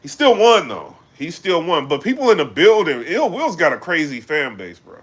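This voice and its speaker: A man chatting casually on a live stream, animated and full of fillers, breaking into loud shouts when he gets excited. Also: on the high side, moderate pace, husky. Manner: animated, loose, full of fillers like "you know what I'm saying". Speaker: battle rap commentator.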